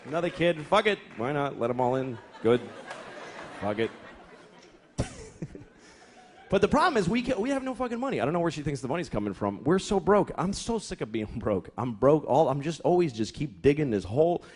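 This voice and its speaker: A man's voice: fairly high pitch, very animated, fairly quick, a faint crowd, a little hiss or hum. A man doing a crude, exasperated stand-up routine on stage and acting out characters along the way. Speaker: stand-up comedian. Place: stage before a live audience. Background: audience laughter.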